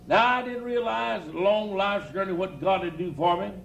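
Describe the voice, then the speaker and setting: An older preacher spins comic yarns in a chuckling folksy drawl, building each tale to a punchline. His voice rides high for a man. The live recording is roomy and echoey, with faint noise underneath. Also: normal speed, gravelly, fairly bright tone, lo-fi sound. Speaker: evangelist storyteller. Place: outdoor church campground stage.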